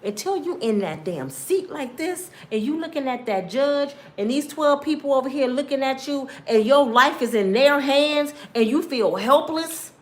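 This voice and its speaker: A woman's voice: high voice, lively intonation, normal speed, few pauses. A woman in her fifties telling her own story in an impassioned personal monologue, emphatic and preachy, speaking straight to her listeners and acting out what others said. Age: 50s. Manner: acts out other people's words in quotes.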